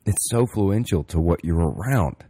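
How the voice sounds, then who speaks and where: A man's voice: deep voice, lively intonation, normal speed, mellow, husky, no echo. A man in casual chat as a podcast co-host, laid-back and swearing freely.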